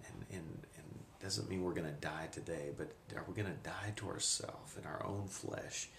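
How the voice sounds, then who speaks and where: A middle-aged man giving a reflective personal testimony, speaking haltingly with pauses, recorded on a camcorder in an echoey room. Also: sits low, steady tone, fairly bright tone, slight background noise. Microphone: handheld camcorder.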